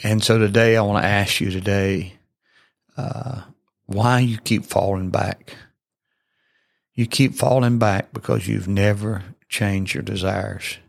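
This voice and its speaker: A man's voice: lowish voice, creaky, no echo, studio quality. A man, hosting a podcast and preaching in an earnest, folksy, repetitive way with many fillers. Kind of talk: sermon-style podcast talk.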